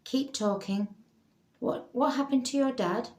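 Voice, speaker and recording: A woman's voice: fairly high pitch, unhurried, darkish tone, pitched above the performer's own voice, close to an everyday voice. A woman voicing a caring young student, earnest and concerned. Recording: roomy echo.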